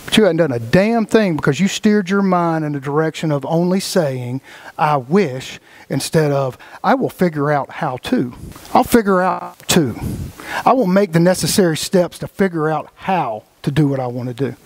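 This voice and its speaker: Blunt, folksy man with a high voice. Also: expressive, normal speed. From Texas. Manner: blunt and folksy, acts out quoted voices, swears freely. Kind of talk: casual motivational talk to a group.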